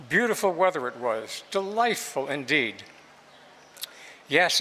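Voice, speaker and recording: Slow, bright-voiced man reading aloud. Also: fairly high pitch, a little hiss or hum. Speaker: reader at a public literary reading. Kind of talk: unhurried dramatic reading of literary prose. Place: museum reading space with long reverb. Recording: long hall reverb.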